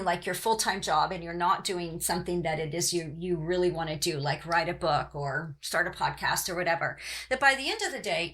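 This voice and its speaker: A woman's voice: on the low side, fairly bright tone. Chatty, rambling woman podcast host. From Oklahoma. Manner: chatty and rambling, full of "um" and "you know". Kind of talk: casual chat.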